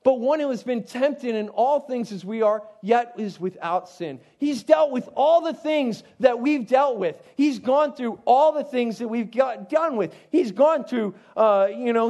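A man's voice: very high-pitched, animated, measured pace, a little mellow. A man, a youth pastor, teaching from the Bible in a casual, conversational way with frequent asides to his listeners.

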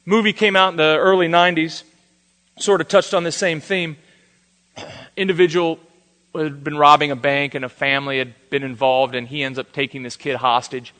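A male preacher tells stories in a sermon, acting out each quote with animation. His voice sits fairly high and rings forceful and bright. A long reverb from a large hall hangs behind him. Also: normal speed. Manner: animated storyteller, acts out the quotes. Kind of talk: sermon with storytelling.

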